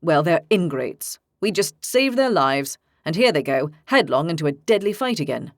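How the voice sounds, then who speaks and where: A man's voice: on the high side, big pitch swings, normal speed, no room sound, clean studio sound. Woman voicing a boastful young hunter lad. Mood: scornful. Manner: boastful, blunt. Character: brash young male dragon hunter.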